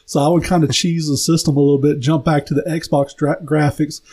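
A young man with a slightly raised pitch and a mellow, warm tone, co-hosting a relaxed podcast. He keeps dropping in fast wisecracks and keeps answering with an easy "oh, yeah.". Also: husky. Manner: quick joking asides, says "oh, yeah" a lot. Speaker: podcast co-host. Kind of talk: casual chat.

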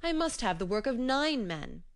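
A woman's voice: on the high side, big pitch swings, moderate pace, voice pushed up. A woman voicing a blustering male giant farmer in a storybook reading, her voice raised and urgent. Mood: commanding.

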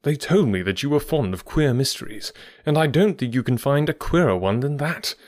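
A man voicing an anxious, earnest country gentleman who speaks plainly and with worry. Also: mid-range voice, lively intonation, normal speed, close to an everyday voice. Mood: puzzled. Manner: plain-spoken and worried.

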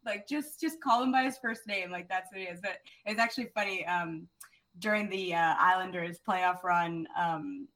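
A woman's voice: fairly low pitch, poor audio. A woman sports reporter, a podcast guest, telling stories in casual chat, laughing often and saying "like" a lot. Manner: animated storyteller, laughs often, says "like" a lot.

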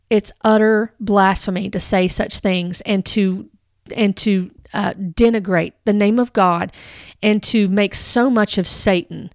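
An earnest woman talks through a religious teaching and rebuts it point by point. Her voice is smooth and clear at a middle pitch. The sound is dry and close, with no room around it. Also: dry recording. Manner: earnest, reads quotes aloud then rebuts them. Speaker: Christian commentator. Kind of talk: critical teaching commentary.

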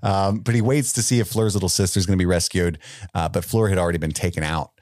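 A man's voice: low voice, steady tone, fast talker, a little mellow, a little hiss or hum. A man co-hosting a podcast, chatting casually about a movie, joking and laughing a lot. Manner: jokey, laughs often, slips into goofy voices. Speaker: podcast co-host. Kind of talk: casual movie review chat.

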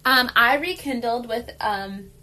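A woman co-hosting a casual chat podcast, telling weekend stories in a chatty, animated way with lots of "like". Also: on the high side, a little slow. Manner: chatty, animated storytelling with frequent "like". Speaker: podcast co-host.

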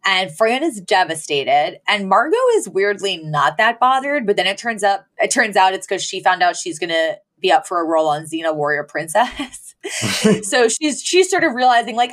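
A woman's voice: mid-range voice, moderate pace. A woman co-hosting a podcast, recapping an episode in casual chat and acting out the characters' lines as she goes. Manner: animated retelling, mimics characters' lines. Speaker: podcast co-host.

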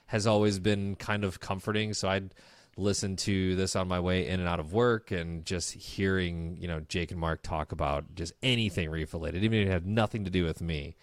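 Very deep-voiced laid-back man. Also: steady tone, normal speed, hardly any pauses, no room sound, studio quality. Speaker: podcast co-host. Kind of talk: casual chat, reading listener comments.

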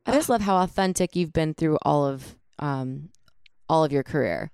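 Female co-host, warm-hearted affirmer, lower animated voice, dry mic. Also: moderate pace, clean tone, no echo. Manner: supportive, affirming. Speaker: podcast co-host. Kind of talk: casual interview chat.

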